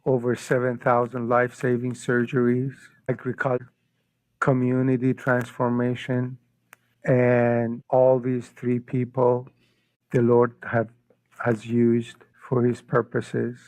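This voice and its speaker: A middle-aged man tells his faith story slowly and earnestly, stumbling over repeated words as feeling builds. His voice sits at an ordinary pitch, recorded close and dry with no room around it. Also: monotone, darkish tone, no echo, poor audio. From Iran. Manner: earnest, emotional storytelling with frequent word repeats. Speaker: podcast guest. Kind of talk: personal faith testimony.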